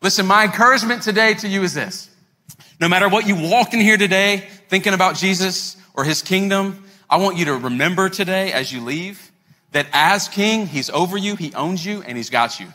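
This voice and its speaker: A man's voice: high-pitched, a little fast, pushed and bright. A man in his thirties preaching a sermon as a pastor, telling a story in a conversational way and speaking straight to the congregation. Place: church sanctuary. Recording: long hall reverb with faint music.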